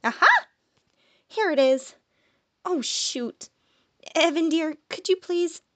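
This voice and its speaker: A bubbly young woman with a high, gushing storybook voice that leaps up in pitch, played by a woman narrator. The sound is close and dry, with no room around it. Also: expressive, slow, pushed and bright, dry recording, full character voice. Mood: flustered.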